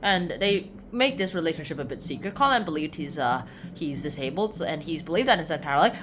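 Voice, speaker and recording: A woman casually summarizing a novel chapter by chapter, rambling and animated and often interrupting herself. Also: fairly low pitch, fairly quick, slight background noise. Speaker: video host summarizing a book.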